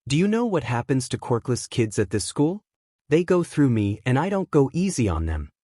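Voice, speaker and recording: A man's voice: medium pitch, very animated, normal speed, dark tone, dry recording, studio quality. A man voicing a cruel schoolyard bully boy who taunts in a sing-song way. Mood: taunting.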